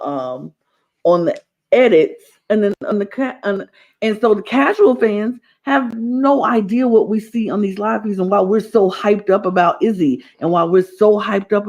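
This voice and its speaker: A man co-hosting a reality TV podcast, ranting emphatically and repeating himself in casual chat. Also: high-pitched. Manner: animated, emphatic ranting with repetitions. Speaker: podcast co-host.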